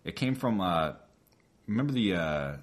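Low-pitched male podcast co-host, very animated, casually breaking down a film and acting out its scenes. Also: normal speed. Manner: animated, acts out lines from the film. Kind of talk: casual movie discussion.

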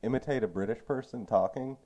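A man's voice: medium pitch, a little fast, dark tone, slight background noise. A man chatting casually about a movie with a friend, chiming in with jokes and short agreements. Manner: chiming in, laughing along, joking.

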